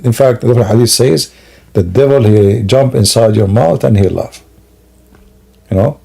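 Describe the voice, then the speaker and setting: At home late at night, this Christian apologist streamer drowsily rambles to his live-stream viewers, yawning, using many fillers and broken grammar. His medium-pitched voice is creaky, dark, and a bit breathy, running slightly slow with long pauses.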